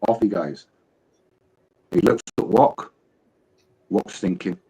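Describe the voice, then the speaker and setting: A man's voice: sits low, expressive, slow pace, vocal fry, dark tone, husky, poor audio. A man guest on a live stream, eagerly telling a crude joke in casual chat.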